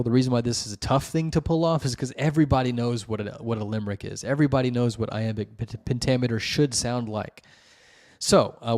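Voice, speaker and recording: A man's voice: mid-range voice, a little mellow. A man hosting a show, reviewing wiki articles in casual, rambling commentary full of fillers and restarts. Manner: rambling, many fillers and restarts, explains at length.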